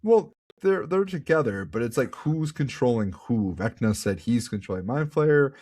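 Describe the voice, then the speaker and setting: A man's voice: medium pitch, moderate pace, breathy edge, no echo, studio quality. A man co-hosting a podcast, musing through theories in a hedging, casual way. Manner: lively, musing, hedging speculation. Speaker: podcast co-host. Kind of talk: casual chat.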